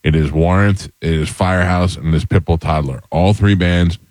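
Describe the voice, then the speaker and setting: A man with a very deep voice hosts a comedy podcast in a relaxed, joking way. The recording is dry and close to the mic. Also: moderate pace, no room sound. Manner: laid-back, joking. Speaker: podcast host and musician. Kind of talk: casual chat.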